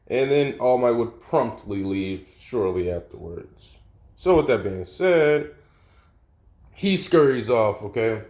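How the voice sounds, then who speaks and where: A man's voice: mid-range voice, expressive, takes it slowly, darkish tone. A man casually improvising a fan story, rambling with slang and swearing. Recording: echoey room.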